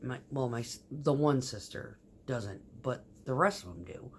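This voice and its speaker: A woman's voice: extremely low pitch, lively intonation, a little slow, slight background noise. A woman telling a rambling, profane story in casual vlog style, often dropping to a whisper. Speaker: vlogger.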